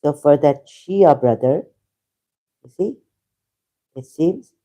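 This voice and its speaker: A man hosting a rambling livestream monologue, emphatic and indignant, halting often with fillers. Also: a little high, mellow. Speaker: channel host.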